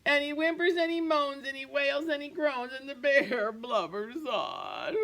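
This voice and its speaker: A woman teacher reading a picture book aloud to her class, expressive and playful, with asides to the children. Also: sits high, measured pace, vocal fry, hardly any pauses.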